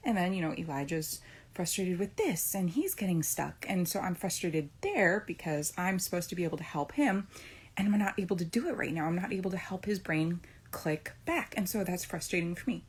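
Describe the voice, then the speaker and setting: A woman's voice: on the low side, moderate pace, slight background noise. A middle-aged woman talking casually about her homeschooling day and faith, rambling with restarts and frequent "right?" check-ins. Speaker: homeschooling mom sharing a faith reflection. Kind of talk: casual personal talk.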